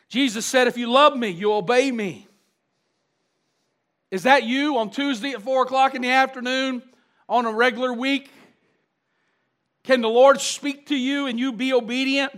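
A man's voice: very high-pitched, a bit bright. A pastor preaching a sermon. He often asks the congregation questions and builds emphasis through repetition.

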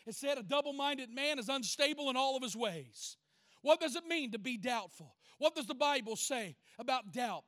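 High, bright-voiced pastor preaching. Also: male voice. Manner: call-and-response preaching, rising to shouts. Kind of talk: sermon. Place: church.

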